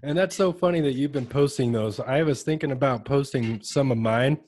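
A man's voice: medium pitch, normal speed, darkish tone, dry recording. A man hosting a casual podcast chat, talking animatedly and laughing often as he acts out little voices. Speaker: podcast host.

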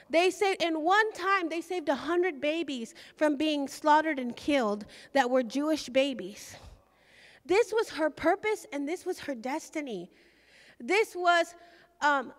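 A woman's voice: sits high, big-room sound. A woman preaching a sermon, fervent and exhorting as she tells a story.

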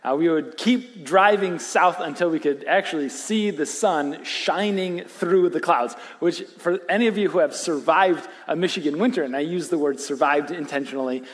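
A middle-aged man preaching a sermon in a church, telling a family story with animated, self-deprecating humor. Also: on the high side, normal speed, hardly any pauses. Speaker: pastor. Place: church sanctuary. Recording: reverberant church hall.

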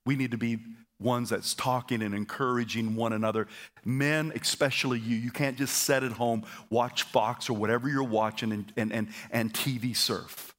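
A man preaching a sermon to his congregation, energetic and having them repeat phrases back to him, with stammered repeats and quick asides. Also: mid-range voice. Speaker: pastor. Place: church auditorium.

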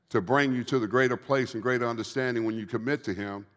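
A man in his fifties giving a preaching testimony to a live audience, telling his story quietly and then urging the crowd on with fervor. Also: fast talker. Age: 50s. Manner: low, quiet storytelling that swells into fervent exhortation. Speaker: guest speaker giving a testimony. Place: large hall with an audience. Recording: long hall reverb.

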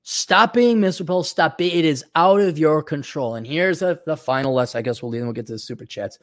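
A man's voice: a little high, fairly quick. Sardonic man ranting to viewers. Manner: sardonic, mocking, with put-on voices. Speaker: podcast host. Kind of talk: opinionated monologue.

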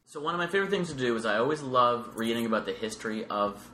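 A man talks in a bright, forceful voice, reading old traditions aloud and reacting with animated, laughing disbelief. His casual podcast chat bounces along, full of restarts and asides. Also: mid-range voice, fast talker, a little hiss or hum. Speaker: podcast guest.

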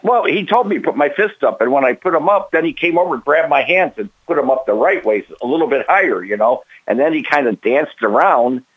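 A man's voice: fairly high pitch, lively intonation, fairly quick, few pauses, husky, dry recording. An older man, a guest on an interview show, talking casually in a rambling way and tagging on "okay?" and "like I said" as he goes. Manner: rambling, keeps adding "okay?" and "like I said". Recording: tinny dry phone line.

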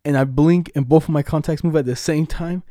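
A man's voice: on the high side, normal speed, dark tone, no room sound, studio quality. A young man co-hosting a casual chat, telling stories in a laid-back, slangy way with frequent laughter. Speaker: podcast co-host.

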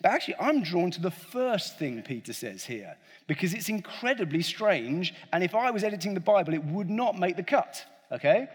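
A male preacher giving a chatty, humorous sermon with a slightly husky voice that swings widely in pitch. He speaks from a large hall, and a long reverb trails his words. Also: big pitch swings, normal speed. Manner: conversational, joking, addresses the congregation directly.

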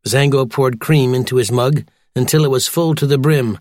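A man narrating a children's audiobook in a lively, expressive way. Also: mid-range voice, moderate pace, no echo, clean studio sound. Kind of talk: scripted narration.

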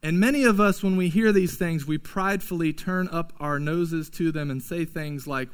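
High-voiced pastor preaching casually. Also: male voice, normal speed, hardly any pauses, clear, resonant tone. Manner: casual, conversational preaching with slangy asides. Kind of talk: sermon.

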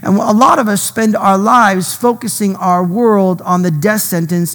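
A male pastor preaching a sermon, his delivery dramatic and swinging between loud and hushed. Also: sits high, fairly even intonation, normal speed, few pauses, long reverb tail.

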